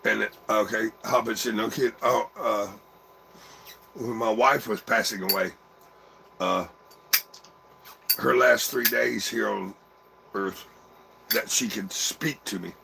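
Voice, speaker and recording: Gravelly older man telling halting stories. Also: lowish voice, steady tone, pushed and bright, slight background noise. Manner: halting, rambling storytelling with many pauses. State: grieving. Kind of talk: casual grieving monologue to viewers.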